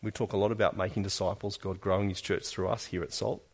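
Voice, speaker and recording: Male pastor mid-sermon: earnest, probing questions, emphatic peaks and soft asides. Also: on the low side, little pitch movement, fast, gravelly. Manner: earnest, questioning, with emphatic rises and quiet drops.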